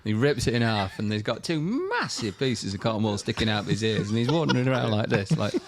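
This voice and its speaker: A middle-aged man tells a story on a podcast, lively and quick to laugh. His voice sits on the lower side. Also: slight background noise. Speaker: guest, former pro golfer.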